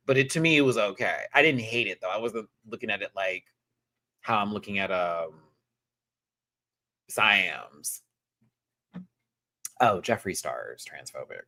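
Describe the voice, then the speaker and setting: A reviewer in a casual live review, talking animatedly with sassy asides and sudden high-pitched exclamations. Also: lively intonation, unhurried, long pauses, sharp tone. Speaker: show reviewer.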